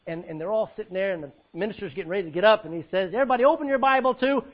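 A male pastor preaches a sermon in a high, racing voice on dull audio. He swings between loud cries and hushed words as he quotes scripture in an old-fashioned style.

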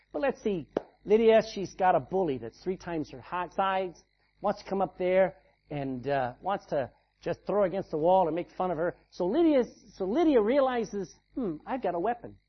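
A male pastor delivering an animated sermon, acting out little scenes and calling for amens. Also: high-pitched, normal speed, highs cut off. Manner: animated preaching with acted-out asides.

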